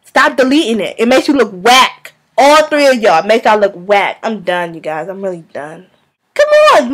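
Sassy high-voiced woman ranting. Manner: sassy, animated, scolding. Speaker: vlogger. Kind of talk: casual rant to camera.

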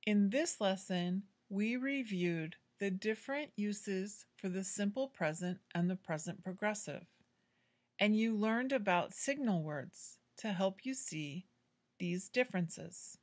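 A woman teaching an English grammar lesson, explaining slowly and clearly in a patient way. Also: medium pitch.

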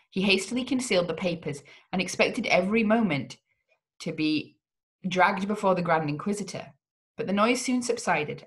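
A woman hosting a read-along, reading a gothic novel aloud with drama and the odd slip. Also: mid-range voice. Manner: dramatic reading with occasional slips.

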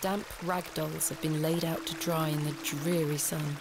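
A woman's voice: low-pitched, flat delivery, normal speed. An actress playing a prim, persistent young lady in a narrative game, with an inquisitive manner. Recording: background noise audible.

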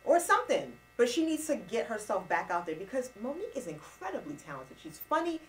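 Lively woman from Trinidad co-hosting. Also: fairly high pitch, slight background noise, low-quality recording. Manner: animated, laughs easily, quick to correct. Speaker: co-host. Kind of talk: casual chat show banter.

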